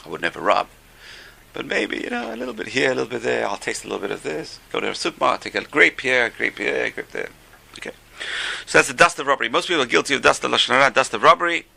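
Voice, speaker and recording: An older man gives an informal religious class, chatting and joking his way through stories. His voice is gravelly, very bright and sharp, and he swings widely up and down in pitch. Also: sing-song, quick pace. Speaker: religious teacher.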